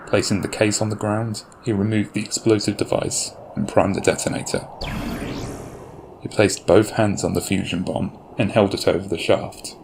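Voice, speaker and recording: A man narrating a fan audio drama in a measured, grave storytelling manner. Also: lowish voice, steady tone, creaky, noisy background.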